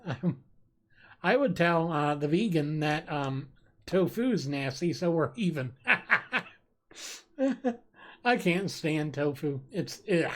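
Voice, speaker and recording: Slow-talking, giggly live streamer. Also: mid-range voice. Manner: giggly, reacts with frequent laughter. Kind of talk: casual live-stream chat, reading viewer jokes.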